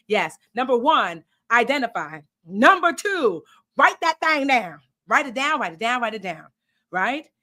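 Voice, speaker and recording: A woman hosting a live online workshop as a life coach, animated and emphatic, with preachy repetition. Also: a little high.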